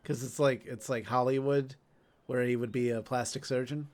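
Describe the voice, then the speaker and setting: A man's voice: medium pitch, steady tone, moderate pace, darkish tone. A man streaming a video game with friends, chatting casually, joking and reading chat messages aloud. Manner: teasing, reads chat aloud.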